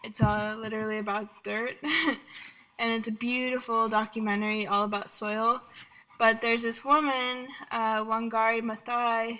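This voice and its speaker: A woman's voice: a little high, sharp tone, poor audio. A young woman, a podcast guest, chatting casually and telling a folktale with frequent laughter. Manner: laughs often, storytelling. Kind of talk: casual interview chat.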